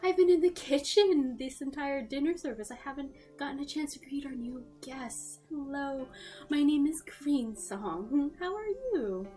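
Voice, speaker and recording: A bright, high, giggling elf girl with a sing-song lilt, as a game master puts her on. She sounds gleeful and welcoming, in a tabletop role-play. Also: animated, a little slow, soft background music. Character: cheerful sing-song female elf host.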